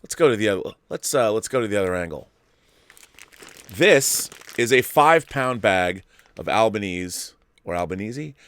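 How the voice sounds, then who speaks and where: A man's voice: fairly low pitch, lively intonation, moderate pace, fairly bright tone. A middle-aged man hosting his own livestream show, chatting casually with playful, grandiose asides and rambling tangents. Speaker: show host. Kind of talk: casual solo livestream chat.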